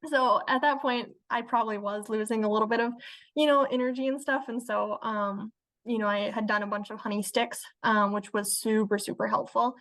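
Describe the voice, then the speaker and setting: A woman's voice: on the high side, fairly even intonation, fairly quick, fairly bright tone. A young woman telling a personal story as a guest in casual conversation, with many fillers. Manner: chatty, many fillers, laughs while telling. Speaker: interview guest.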